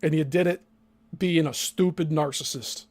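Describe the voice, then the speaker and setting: A man's voice: a little high, normal speed, darkish tone. A man hosting a reaction commentary, talking in a sarcastic, blunt way and swearing freely. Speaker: host.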